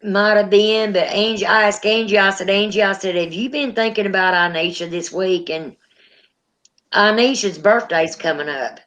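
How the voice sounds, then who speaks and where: A woman's voice: medium pitch, normal speed, rough recording. Woman retelling a ghost story. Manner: animated retelling with acted quotes. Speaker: paranormal channel host. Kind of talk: casual storytelling chat.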